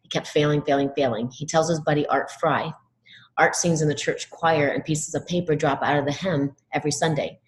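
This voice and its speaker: A middle-aged woman giving a motivational talk to educators, telling animated classroom stories and acting out what students say. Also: deep voice, fairly quick, rough recording. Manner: animated storytelling, acts out quoted students. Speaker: education speaker.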